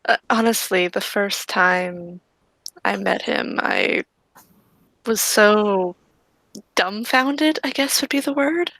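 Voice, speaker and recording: A woman's voice: medium pitch, slow pace, pauses often, a bit bright, no echo, low-quality recording. A woman playing her character in a tabletop game, speaking in an earnest, reassuring way. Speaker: tabletop player. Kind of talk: in-character role-play chat.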